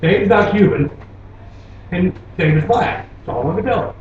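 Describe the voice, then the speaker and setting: A man from Florida doing a stand-up comedy set, telling animated stories and laughing at his own jokes. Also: high voice, normal speed, lo-fi sound. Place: comedy club stage. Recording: very echoey club, taped from far off, noisy.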